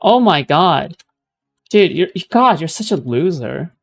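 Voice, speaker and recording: A man's voice: fairly high pitch, very animated, slow, vocal fry, faint music behind. Rambling sarcastic male streamer. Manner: rambling, filler-heavy, sarcastic. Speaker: streamer reacting to clips. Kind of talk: casual commentary.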